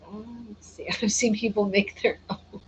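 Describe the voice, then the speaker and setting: A woman's voice: mid-range voice, steady tone, a little slow, slight background noise, low-quality recording. Chatty woman streamer, tired. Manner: chatty, laughs often, answers chat comments. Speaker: gaming streamer. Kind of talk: casual livestream chat.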